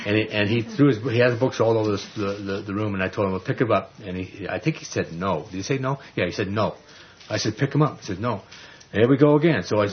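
A man preaching a sermon, telling family stories in an animated way, acting out quoted voices and often restarting his words. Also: fairly low pitch, a little hiss or hum. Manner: animated storytelling, acts out quoted voices, frequent stammered restarts. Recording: dull lo-fi recording.

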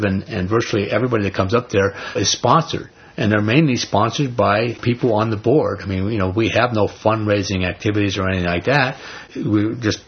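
A man preaching, reading scripture and then explaining it in a conversational, emphatic way, rising into animated paraphrase. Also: fairly low pitch, slightly rough. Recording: dull lo-fi recording.

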